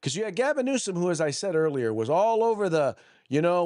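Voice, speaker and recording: A man's voice: high voice, big pitch swings, a little fast, darkish tone. A man hosting a political podcast, combative and blunt, who reads news articles aloud, often restarts and repeats words. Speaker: podcast host.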